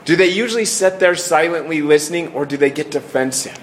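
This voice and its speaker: Earnest, fairly high-voiced male preacher. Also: a little hiss or hum. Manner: earnest, with many restarts and falling pauses. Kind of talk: sermon.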